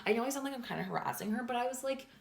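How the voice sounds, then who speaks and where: A woman's voice: fairly high pitch, animated, rapid-fire, gravelly, a little hiss or hum. A young woman vlogging a storytime in a casual, rambling way, full of fillers, swearing and laughter. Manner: chatty, filler-heavy with constant "like", swears and laughs.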